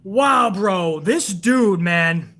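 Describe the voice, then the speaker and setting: A woman's voice: mid-range voice, animated, extremely slow, fairly bright tone. A woman hosting a show, ranting hard with profanity about wrestling and answering viewers in a live chat. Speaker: show host.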